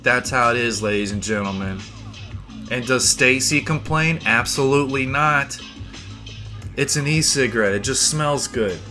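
A man's voice: mid-range voice, normal speed, bright, forceful tone, soft background music. A man hosting a podcast, delivering a rambling, profane, mock-boastful comedic rant. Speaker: podcast host.

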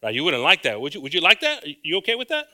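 A man preaching a bilingual sermon, swinging from hushed asides to loud calls and repeating phrases. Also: fairly high pitch, huge pitch swings, very fast.

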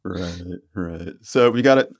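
A man hosting a casual interview, talking conversationally with halting restarts as he asks questions. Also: low voice, creaky, no echo, studio quality.

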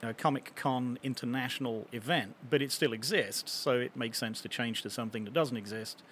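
A man's voice: medium pitch, brisk, fairly bright tone. Chatty man with faint background noise. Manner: rambling, chatty, wry. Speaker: convention panelist and vendor. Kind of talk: casual panel chat.

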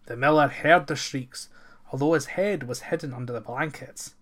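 A man reading an old folktale aloud as narrator, steady and expressive. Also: medium pitch, normal speed.

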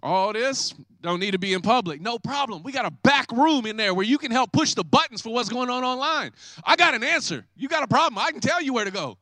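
Man, pastor, lively joking sermon, high-pitched, bright tone. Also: fast, few pauses, no echo, studio quality. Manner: energetic, joking, acts out congregants' excuses.

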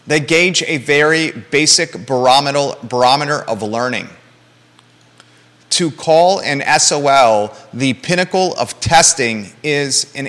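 A man's voice: fairly high pitch, sharp tone, in a large hall. A man hosting a live local talk show, blunt and emphatic, with joking asides.

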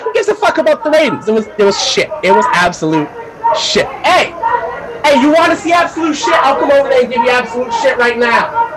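A man voicing a brash, foul-mouthed male wrestling pundit who rants profanely and yells at people off-mic in a comedic segment. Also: high-pitched, breathy edge, heavily acted, low-quality recording. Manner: profane ranting, yelling off-mic at neighbors.

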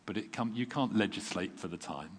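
Deep-voiced man preaching in a hall. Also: a little fast, breathy edge. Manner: conversational, self-deprecating, with chuckles and restarts. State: tired. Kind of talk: sermon. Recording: long reverb from a large hall.

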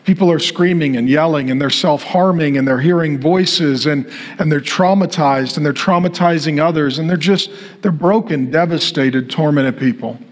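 Pastor, male, high-pitched, preaching in building repetitive lines, goes quiet on solemn phrases. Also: moderate pace. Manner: repetitive rhetorical preaching, builds to emphatic declarations. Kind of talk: sermon.

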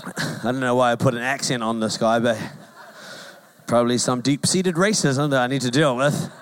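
A man's voice: mid-range voice, steady tone, normal speed, a little hiss or hum. A New man in his forties, a pastor giving a sermon in a conversational, joking way with emphatic repetition.

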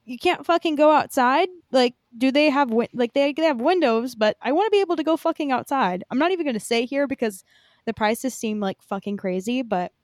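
Rambling young woman, high voice. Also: expressive, fairly quick, dry recording, studio quality. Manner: rambling, filler-heavy, swears casually. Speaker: podcast co-host. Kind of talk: casual chat.

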